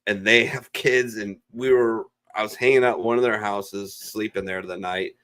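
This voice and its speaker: A middle-aged man telling stories in casual chat, rambling and swearing freely, at times putting on quick voices for the people he quotes. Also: fairly low pitch, fairly even intonation, fairly bright tone. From Ohio region. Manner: profane, rambling storyteller. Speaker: podcast regular.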